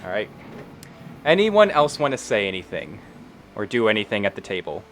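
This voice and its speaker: A man running a tabletop game as game master, narrating scenes in a relaxed way with frequent fillers. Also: on the low side, normal speed, faint music behind.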